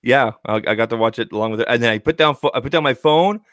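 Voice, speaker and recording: A man's voice: mid-range voice, racing, a bit bright, dry recording, clean studio sound. A man from Canada chatting casually on a livestream, acting out quotes in funny voices. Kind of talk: casual chat.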